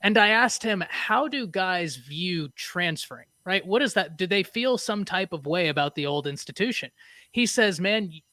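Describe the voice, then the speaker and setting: Brief: male panelist, bright forceful higher voice, dry sound, chatty delivery. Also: animated, moderate pace, few pauses, no room sound. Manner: reads stats aloud, corrects himself. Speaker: co-host. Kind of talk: casual sports chat.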